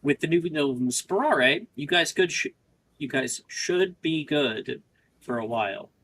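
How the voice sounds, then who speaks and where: A man narrating as game master of a tabletop game in a relaxed, chatty way with many fillers. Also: a little high, a little slow, rough recording.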